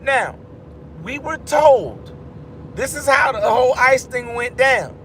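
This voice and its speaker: A man giving casual commentary to his viewers, rambling and animated, often breaking off mid-thought and restarting. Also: extremely high pitch, a little slow, slight background noise. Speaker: vlogger.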